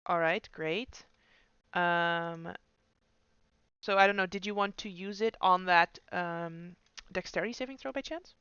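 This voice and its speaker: A man running a tabletop game as game master, chatting in a relaxed way. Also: high-pitched, clean tone, no room sound, muffled recording. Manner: relaxed, chatty, puts on quick voices for figures.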